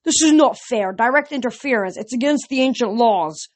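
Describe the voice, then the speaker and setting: A woman's voice: fairly high pitch, lively intonation, normal speed, pitched above the performer's own voice, natural voice. Woman doing a wailing vengeful monster. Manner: loud, howling threats.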